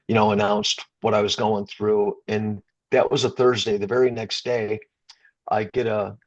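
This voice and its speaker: A man's voice: fairly low pitch, husky. A middle-aged man from the Chicago area, a rock singer, telling an emotional story in an interview, stumbling and restarting and getting choked up. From Chicago area, USA.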